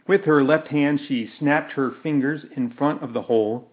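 A man reading a story aloud in a measured storytelling manner. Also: on the high side. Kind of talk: audiobook narration. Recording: tinny phone-like audio.

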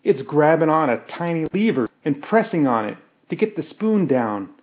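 A man voicing a bold, curious young woman adventurer who makes quick, excited observations. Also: on the high side. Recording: tinny phone-like audio.

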